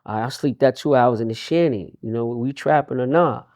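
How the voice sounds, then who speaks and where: A man's voice: medium pitch, normal speed, a little mellow, dry recording, clean studio sound. A man, a union leader talking in a casual interview, streetwise and repeating words for emphasis. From Queens, New York.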